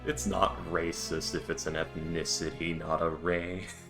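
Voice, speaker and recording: A man's voice: deep voice, level tone, unhurried, music in the background. A man chatting casually at an online game table, joking crudely and laughing often. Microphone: headset or desk mic, online session.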